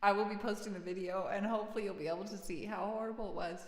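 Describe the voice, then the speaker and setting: A woman hosting a livestream, chatting casually between songs, gentle and encouraging, laughing as she tells a story. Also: mid-range voice, fairly even intonation, racing. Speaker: livestream host and singer-songwriter. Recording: roomy echo with long reverb, faint guitar.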